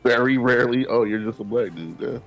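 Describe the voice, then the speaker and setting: A man's voice: mid-range voice, fairly quick, gravelly, fairly bright tone, soft background music. A man casually telling stories while gaming on a stream, laid-back and profane, laughing often. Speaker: streamer co-host.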